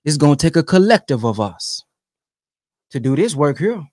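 Young man, high voice, lively and emphatic, casual commentary. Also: moderate pace, no room sound. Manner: animated and emphatic, keeps urging "come on, man". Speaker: online commentator. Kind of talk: casual commentary reacting to a sermon clip.

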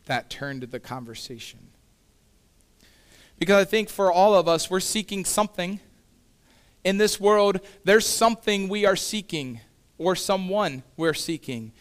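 Male pastor, fairly high and smooth voice, chatty sermon delivery with asides. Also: lively intonation, measured pace. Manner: conversational preaching with casual asides.

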